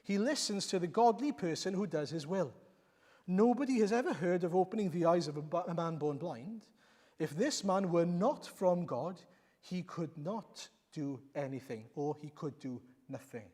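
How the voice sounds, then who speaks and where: Man reading as a bold healed blind man, a little high, emphatic, church reverb. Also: expressive, normal speed, darkish tone. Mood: confident. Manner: emphatic, challenging. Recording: long reverb of a church hall.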